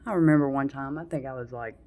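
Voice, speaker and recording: A woman's voice: extremely low pitch, quick pace, a little mellow. A woman in her late forties venting frankly to camera in a rambling monologue, with blunt swearing and heavy sighs. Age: 40s. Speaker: vlogger.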